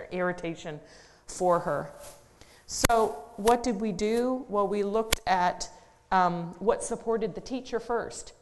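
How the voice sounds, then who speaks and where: A woman's voice: mid-range voice, long reverb tail. A middle-aged woman, an occupational therapist, giving a conversational public talk. She tells a practical case story in plain words, with some fillers and restarts.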